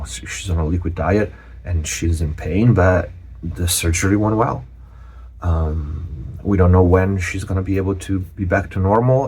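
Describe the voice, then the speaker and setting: A man from Europe, a channel host giving a personal update, speaking earnestly with many pauses and restarts. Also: deep voice, a little mellow, husky.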